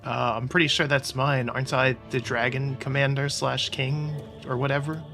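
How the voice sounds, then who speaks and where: Man, gaming commentary, sarcastic jokes, bright voice, game music under. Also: mid-range voice, flat delivery, normal speed, creaky. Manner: joking, sarcastic asides. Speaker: gaming YouTuber. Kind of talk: casual let's-play commentary. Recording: game audio with music behind.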